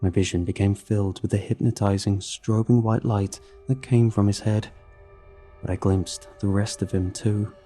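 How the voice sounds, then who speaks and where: Low, dark-voiced man narrating horror. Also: steady tone. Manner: measured, grim storytelling. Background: faint music.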